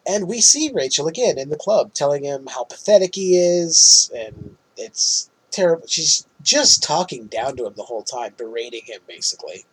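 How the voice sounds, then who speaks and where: A man's voice: on the high side, animated, normal speed, few pauses, husky, rough recording. A man casually recapping a film's ending as a podcast host, chatty and often laughing.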